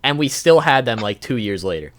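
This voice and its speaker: A man's voice: medium pitch, big pitch swings, fairly quick. A young man hosting a casual podcast, chatty and playful, laughing often as he tells his own stories. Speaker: podcast host.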